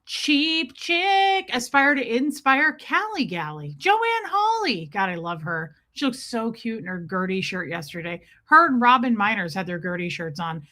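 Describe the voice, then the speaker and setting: A middle-aged woman hosts a casual livestream, greeting viewers by name and affectionately calling them babe and girl. She pokes fun at herself, laughs often and swears mildly now and then. Her medium-pitched voice is sing-song and sharp, moving at a normal speed with hardly any pauses.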